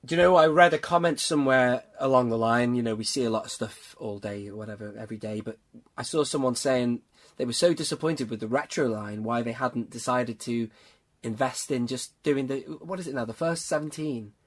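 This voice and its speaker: Chatty man, husky voice. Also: medium pitch, brisk. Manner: chatty, laughs often, self-interrupting. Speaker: podcast host. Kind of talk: casual chat.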